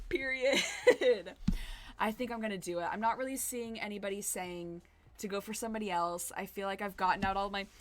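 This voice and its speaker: A young woman in her twenties streaming a dating game, chatting casually, excitable and giggly, swearing now and then. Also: mid-range voice, noisy background. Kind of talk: casual gameplay commentary.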